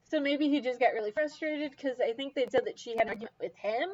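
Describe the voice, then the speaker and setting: A woman co-hosting a casual book discussion, lively and quick to act out characters' lines. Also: high voice. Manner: animated, acts out quoted characters, frequent laughs. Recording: dull lo-fi recording.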